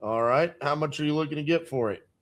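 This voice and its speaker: A man's voice: fairly high pitch, fast. A man calling a home seller on the phone, asking short, direct questions and making confident promises. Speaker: real estate investor calling a seller. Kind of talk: sales phone call. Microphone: phone call.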